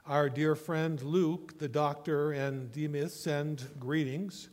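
A man pastor reading scripture and preaching a sermon, telling a story in a measured way and asking rhetorical questions. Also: on the high side, fairly even intonation, darkish tone. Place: church sanctuary. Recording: long church hall reverb.

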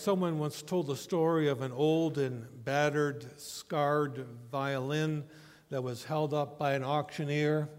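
A man pastor reading scripture and preaching a sermon, telling a story in a measured way and asking rhetorical questions. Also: a little high. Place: church sanctuary. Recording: long church hall reverb.

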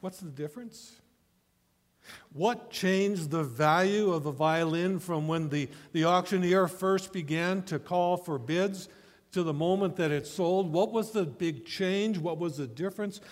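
Man preaching slow and careful, higher-ish voice, long echo like a big church hall. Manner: measured storytelling with rhetorical questions. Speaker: pastor. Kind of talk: sermon. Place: church sanctuary.

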